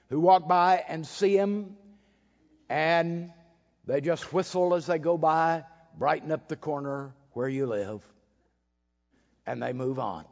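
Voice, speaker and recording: High-voiced preacher in a reverberant hall. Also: male voice. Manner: dramatic, swings between loud and hushed; acts out quoted voices, wry humor. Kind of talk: sermon. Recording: dull recording with a long hall reverb.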